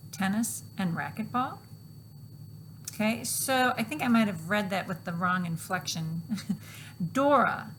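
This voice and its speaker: A woman's voice: medium pitch, fairly bright tone, slight background noise, rough recording. Woman teacher walking through a grammar worksheet. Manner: patient, explanatory, reads examples aloud slowly.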